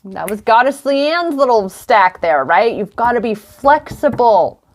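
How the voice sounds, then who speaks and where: In a sing-song, unhurried, slightly high voice, a woman in her forties delivers an affirming, heartfelt card reading over a livestream. She works as an intuitive coach and tarot reader and is filming indoors on camera.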